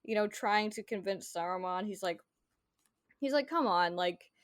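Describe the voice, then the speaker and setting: A woman's voice: medium pitch, expressive, normal speed, no echo, clean studio sound. A woman hosting a podcast, chatting casually about a book and reading passages aloud, with many filler words. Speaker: podcast host.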